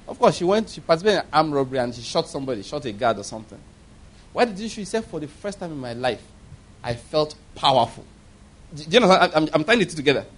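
A high-pitched male preacher from Nigeria delivering a sermon. He drops into low, quiet storytelling, then climbs into loud exhortation. He keeps putting rhetorical questions to the congregation. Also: breathy edge. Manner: swings between low murmurs and loud exhortation.

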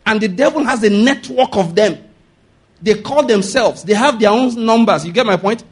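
A Nigerian-accented man preaching a sermon, animated, laughing often and asking the congregation if they follow. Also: high voice, moderate pace, husky.

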